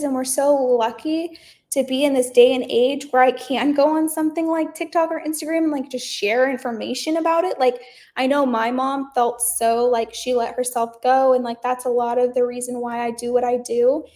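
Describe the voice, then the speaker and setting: Chatty young woman, high flat voice. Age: young adult. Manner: chatty, leans heavily on "like" and "um". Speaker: podcast guest. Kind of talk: casual interview chat.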